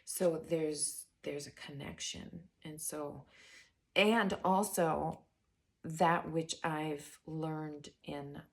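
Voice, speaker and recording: Woman, tarot reader and spiritual coach; unhurried, raspy-edged, chatty and excited with her viewers. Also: low voice. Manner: chatty and enthusiastic, addressing viewers as guys; drops to a whisper while turning cards. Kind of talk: casual tarot reading chat.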